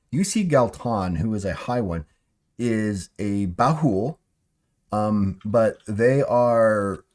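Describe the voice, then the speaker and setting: A man's voice: on the low side, darkish tone. A man narrating a tabletop game as game master, rambling with many fillers and restarts.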